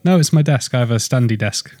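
A man co-hosting a casual podcast, joking around and getting animated when excited. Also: fast talker, no echo. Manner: jokey, animated, rising pitch when excited. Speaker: podcast host.

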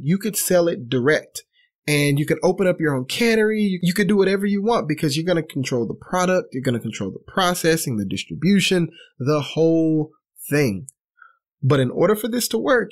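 An eager, pushy businessman with a fairly high voice, pitching big plans like a salesman, as a man puts him on in a story. The delivery is quick and persuasive. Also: close to an everyday voice.

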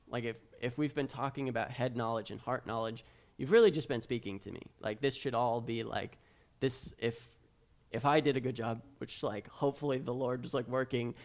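Young male preacher, mid-pitched, chatty sermon delivery, loose and full of "like", acts out quoted voices. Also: normal speed. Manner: animated storytelling, many fillers like "like". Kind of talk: casual sermon.

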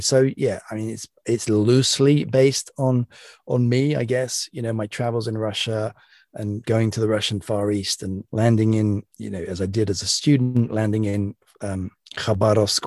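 A British man, an author being interviewed, talking casually with many restarts and repeated words, with a young-sounding, slightly higher voice. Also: a little mellow, no echo, clean studio sound. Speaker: author and guest.

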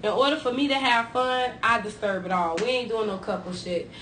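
A woman co-hosting a casual drinking podcast, loud, playful and profane. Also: a little high, a little fast, echoey room, slight background noise. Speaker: podcast co-host.

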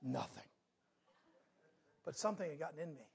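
A man preaching a sermon, telling a personal story with big swings between loud outbursts and hushed moments. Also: a little high, expressive, moderate pace, vocal fry, slightly rough. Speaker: pastor.

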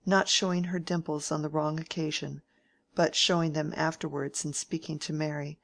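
Woman audiobook narrator, low voice, measured classic-novel reading. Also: flat delivery, creaky, dry recording.

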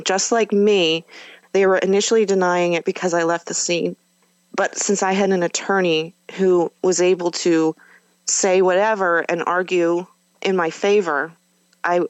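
A woman's voice: lowish voice, clear, resonant tone, no echo, poor audio. A woman guest on a podcast, candidly recounting a personal experience in a conversational way, with fillers and self-corrections.

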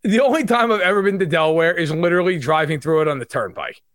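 A man with a New York accent talks fast and animatedly, his pitch jumping around as he riffs on football and road trips. The sound is dry and close. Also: no echo. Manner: fast, animated, self-deprecating banter. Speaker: sports analyst guest. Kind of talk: casual sports talk.

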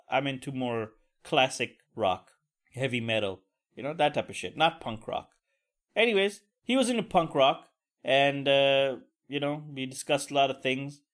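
A man's voice: mid-range voice, fairly bright tone. A young man hosting a solo podcast, telling a profane, rambling story and venting with crude asides. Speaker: podcast host. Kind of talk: casual solo podcast rant.

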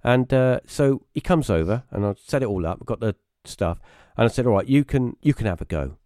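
On a live stream, this British-accented guest tells meandering personal stories casually, frequently starting over and jumping to a sudden high pitch to act out what others said. He sounds expressive and mellow and speaks a little fast. It's studio-quality audio with no room sound.

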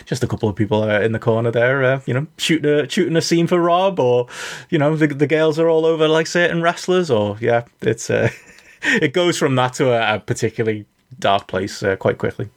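A British man of middling pitch, hosting a relaxed podcast. His voice moves a lot in pitch, and he is wry and laughs often between points. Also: fairly quick. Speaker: podcast host. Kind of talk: casual chat.

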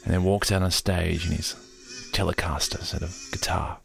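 Low, raspy man; loose, meandering storyteller, gravelly edge. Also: fairly even intonation, moderate pace, a bit bright, faint music behind. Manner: rambling, loose storytelling with many fillers. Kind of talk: casual retelling of a film scene.

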